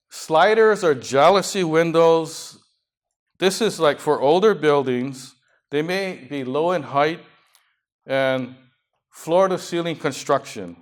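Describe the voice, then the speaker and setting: A man presenting slides at a seminar to a live audience, moving through safety points and dropping jokes between them. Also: fairly high pitch. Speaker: seminar speaker. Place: conference room.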